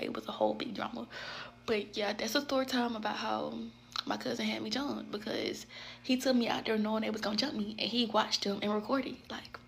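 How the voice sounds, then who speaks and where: A woman's voice: mid-range voice, vocal fry, slight background noise. Emphatic young woman telling a story. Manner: emphatic, addresses listeners as y'all. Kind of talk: casual storytime.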